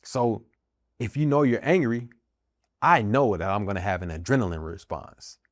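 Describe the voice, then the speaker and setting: A man's voice: lowish voice, moderate pace, dry recording, studio quality. A middle-aged American man and army veteran sharing his own story in an earnest, emphatic way, driving home key phrases by repeating them. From United States. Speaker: podcast host, army veteran and minister. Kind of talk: personal testimony talk.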